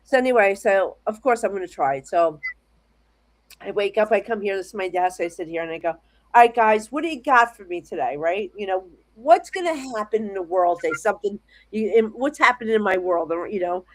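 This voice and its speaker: A middle-aged American woman, a psychic medium, telling stories in a casual interview from her home office over a video call, talking in an animated, rambling way with many restarts. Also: mid-range voice, brisk.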